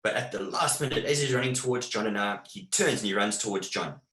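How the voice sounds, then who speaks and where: A man's voice: on the low side, fast talker, fairly bright tone. A man, a wildlife photographer, tells a vivid anecdote in a webinar talk, with many fillers and restarts. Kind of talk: storytelling presentation. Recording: echoey room.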